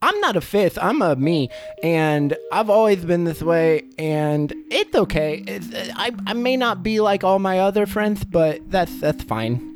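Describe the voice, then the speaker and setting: A man voicing a tiny, cheerful fish-headed creature with a small human body, speaking in a high squeaky voice, eager and naive. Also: animated, a little slow. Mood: friendly. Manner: eager, rambling, sweetly naive.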